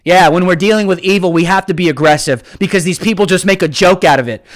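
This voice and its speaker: A man hosting a live stream, ranting about politics with heated passion, often shouting and taunting his viewers. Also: high-pitched, fast talker, few pauses. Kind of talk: political commentary rant.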